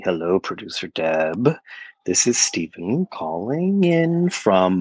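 A man's voice: low voice, animated, takes it slowly, darkish tone, husky, dry recording. A man calling in to a podcast and teasing the host. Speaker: caller. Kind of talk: voicemail to a podcast.

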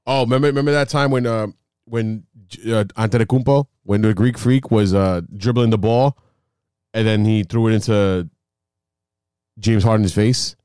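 A man co-hosting a casual sports podcast, telling stories in an excitable, rambling way with lots of fillers. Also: on the low side, moderate pace, clean tone, no room sound, studio quality. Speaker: podcast co-host.

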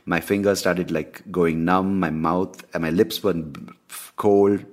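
A man hosting a podcast, telling a personal story in a candid, animated way with plenty of swearing. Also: low voice, slow pace. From India. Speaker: podcast host. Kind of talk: casual ranting monologue.

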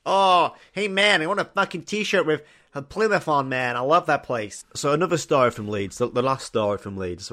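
A man's voice: medium pitch, fairly bright tone. A young man, telling rambling, sweary, jokey stories on his own podcast. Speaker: podcast host. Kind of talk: casual solo podcast storytelling.

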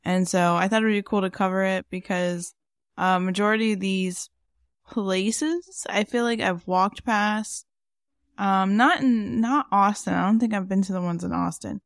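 A woman's voice: mid-range voice, steady tone, normal speed, dry recording, clean studio sound. A woman co-hosting a podcast in casual chat, rambling with lots of fillers. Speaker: podcast co-host.

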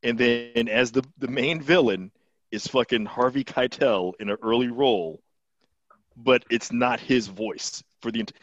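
A man's voice: medium pitch, a little slow, dry recording, lo-fi sound. A man co-hosting a podcast, chatting casually about movies in a rambling, profane way and laughing often. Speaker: podcast co-host.

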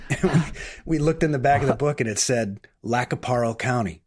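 A man's voice: mid-range voice, moderate pace, slightly rough. A male film director guest on a podcast, telling long anecdotes in a casual, rambling way with frequent restarts. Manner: rambling, self-interrupting anecdotes. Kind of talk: casual storytelling interview.

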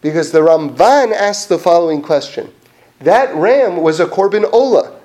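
A man with a fairly high voice leads an informal Torah class. He speaks in an animated, chatty way, restarting sentences and sprinkling in fillers as he talks through a question. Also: normal speed. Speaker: Torah teacher.

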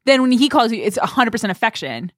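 A woman co-hosting a podcast, chatting casually and rambling through her thoughts with frequent giggles. Her pitch swings about lively. The sound is dry and close. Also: fast talker, no echo. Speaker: podcast co-host. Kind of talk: casual chat.

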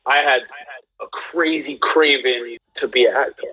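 A young actor from London, with a London accent, tells stories as the guest on a casual live-streamed interview. He is relaxed but grows animated during anecdotes, speaking at a measured pace in a husky, medium-pitched voice. The recording sounds muffled.

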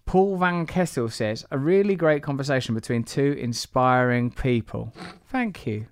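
Man, podcast host, playful rambling banter, smooth voice, dry sound. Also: medium pitch, measured pace, no room sound. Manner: cheeky, teasing, rambling asides.

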